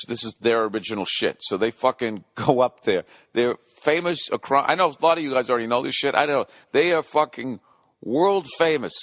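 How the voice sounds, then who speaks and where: A man's voice: mid-range voice, a bit bright, dry recording, clean studio sound. A man in his forties hosting a solo comedy podcast, ranting profanely and rambling, scolding himself back on topic. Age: 40s. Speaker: podcast host.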